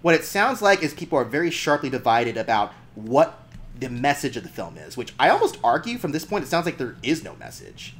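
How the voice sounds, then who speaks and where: A man co-hosting a casual podcast chat about movies, thinking aloud with lots of fillers. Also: medium pitch. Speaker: podcast co-host.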